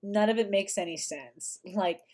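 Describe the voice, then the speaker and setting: A woman's voice: mid-range voice, a little slow, dark tone. A young woman hosting a casual livestream, talking in a chatty, sarcastic way with lots of "like" fillers. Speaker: livestream host.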